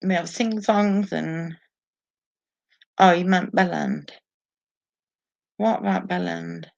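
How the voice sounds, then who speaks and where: Sitting alone at home, a woman hosts a casual live stream, reading viewer comments, swearing often, and laughing. Her voice is low and gravelly with fairly even intonation, and she takes her time. The sound is dull and lo-fi.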